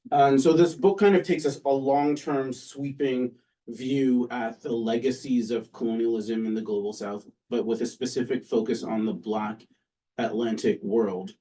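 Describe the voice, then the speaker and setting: A man delivering an academic lecture to an audience, talking in a loose, conversational way and often stopping for an "um" or "uh." His voice has a mellow, dark tone, and it is picked up from a distance in a lecture room. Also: medium pitch, fairly even intonation. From Canada. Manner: conversational, with frequent "um" and "uh" pauses. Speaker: political science professor giving a book talk.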